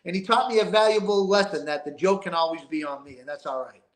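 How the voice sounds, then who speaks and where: Older guy, street-wise and emphatic, higher-pitched voice, recorded in a roomy space. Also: fast. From East Boston. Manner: emphatic, rambling, street-talking, profane. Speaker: guest. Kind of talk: casual interview storytelling.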